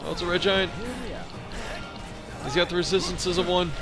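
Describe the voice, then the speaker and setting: A man's voice: sits high, fairly even intonation, moderate pace. A man giving casual gameplay commentary as a let's play host, chatty and profane, humming to himself while he fights. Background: game music.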